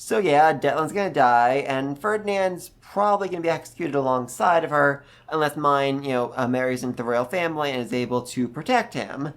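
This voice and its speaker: A man hosting a casual, animated book recap who jumps into voices for the characters. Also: fairly high pitch, brisk, few pauses. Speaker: book review host.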